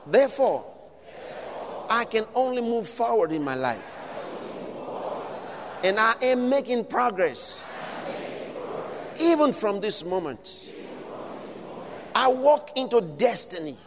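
A man preaching with a high, swooping voice that rises and falls freely. He presses his congregation with repeated questions, and his words ring out in the long reverb of a large hall. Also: very animated, slow pace, long pauses, background noise. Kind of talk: sermon.

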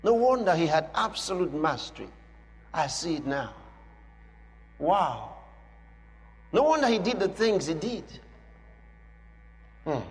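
A man preaching a sermon as pastor, emphatic and drawn-out, rising now and then into a shout. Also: high-pitched, sing-song, faint music behind. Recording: long hall reverb.

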